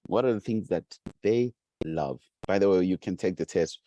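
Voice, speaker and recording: A man's voice: deep voice, normal speed, mellow, dry recording. A man giving a motivational teaching talk, emphatic and repetitive, acting out quoted voices. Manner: emphatic, repeats key phrases, acts out quoted voices.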